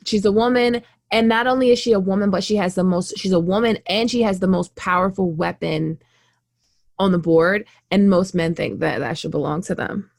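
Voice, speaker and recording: A woman co-hosting a podcast, chatting about a book with lively energy and the odd curse word. She keeps slipping into voices to act out the characters. Her voice is recorded close and dry. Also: mid-range voice, moderate pace, gravelly, dry recording. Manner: animated, swearing, acting out quotes. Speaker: podcast co-host. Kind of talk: casual book discussion.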